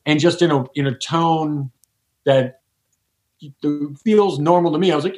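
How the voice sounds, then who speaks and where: A man's voice: fairly high pitch, expressive, moderate pace. A man, a podcast guest, talking in a casual, reflective way and often restarting his sentences. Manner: rambling, reflective, many restarts. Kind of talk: casual conversation.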